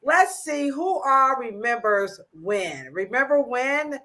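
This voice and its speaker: A woman hosting a casual livestream chat, animated and playful, laughing often. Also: high-pitched, takes it slowly. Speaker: host.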